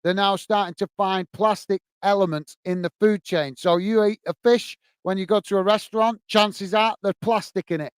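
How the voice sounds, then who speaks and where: Chatty English host reading fan messages, fairly high, clean voice. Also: male voice, fairly even intonation, moderate pace, hardly any pauses, clear, resonant tone, dry recording. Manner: chatty, apologetic, says mate often. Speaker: host reading live chat. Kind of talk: casual live-stream chat.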